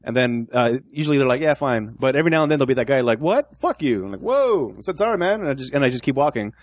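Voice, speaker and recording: A man's voice: medium pitch, rapid-fire, no echo. A man co-hosting a podcast in casual chat, acting out little scenes in his stories and laughing often. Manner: animated, acts out quoted exchanges, laughs often. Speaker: podcast co-host.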